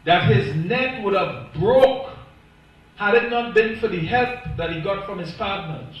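A man's voice: sits high, a bit bright. A man preaching a sermon as pastor, emphatic and stressing single words, recorded from a distance in a church. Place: church sanctuary. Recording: echoey church, voice from far off.

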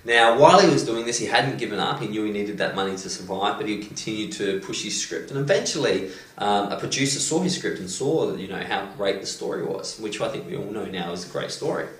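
A man, a motivational coach, retelling a story with animated delivery and many "you know"s and "um"s. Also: fairly low pitch, a little fast. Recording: roomy echo, distant mic.

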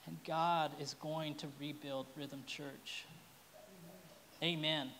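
A woman's voice: low voice, fairly even intonation, slow, a bit bright. A woman pastor preaching a sermon in an earnest, heartfelt way, at times openly emotional.

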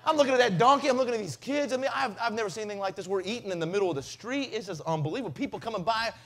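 A man from Mississippi preaches at a revival and spins a comic story with lively energy. His voice sits notably high for a man. He drops into quoted voices as he tells it. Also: racing. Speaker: evangelist.

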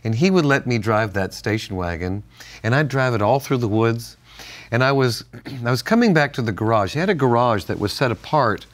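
An older man co-hosts a relaxed Bible-teaching conversation. He tells family stories and laughs often, and his voice swings widely in pitch as he talks. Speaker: co-host. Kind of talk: casual Bible-teaching chat.

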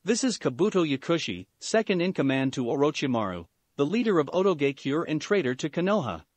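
Man doing blunt young ninja hero, lively voice, dry sound, story reading. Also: a little high, a little fast, no room sound. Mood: defiant. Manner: blunt, insulting.

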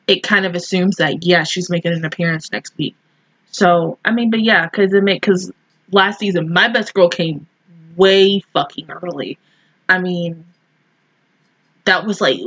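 Husky, emotional woman reacting. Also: mid-range voice, a bit bright, no echo, muffled recording. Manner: emotional, exclaiming, slangy and swearing. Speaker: anime reaction host. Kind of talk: casual reaction commentary.

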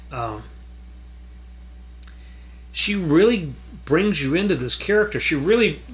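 Chatty bright-voiced man film critic. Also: on the high side. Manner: rambling, self-correcting, chuckling asides. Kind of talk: casual spoken commentary.

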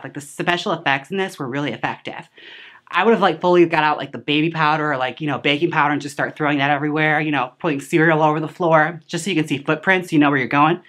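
A woman's voice: deep voice, a bit bright. A woman hosting a casual movie recap, chatty and sassy, full of filler words and side remarks. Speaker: host reviewing a film.

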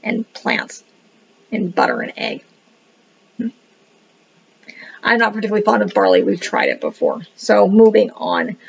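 A woman chats through a book review in a gravelly, husky voice whose pitch swings widely. She rambles and thinks out loud as she goes. The recording sounds dull and lo-fi. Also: wildly swooping pitch, a little slow, long pauses. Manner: rambling, thinking aloud, says "what the heck" a lot.

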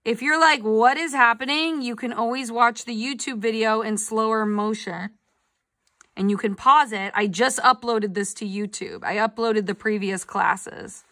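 A woman's voice: fairly high pitch, steady tone, a little slow, fairly bright tone. A woman art teacher giving a live online drawing lesson over a video call, chatty and upbeat, coaxing her students to answer. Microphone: computer mic on a video call.

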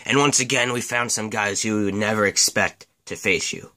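A man calling a mock wrestling match with excitable play-by-play commentary and deadpan asides. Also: on the low side, normal speed, noisy background.

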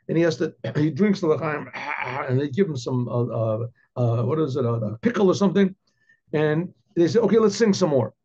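A rabbi tells a folk story with lively animation and frequent restarts. His voice is high and husky, and the recording sounds dull and lo-fi. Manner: animated, repeats words while telling a story.

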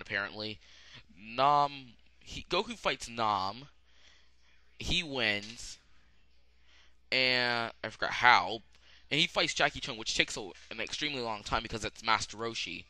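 A young man giving a rambling, casual spoken anime review, full of fillers and sudden excited outbursts. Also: medium pitch, no room sound. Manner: rambling, many "um"s, bursts of loud excitement.

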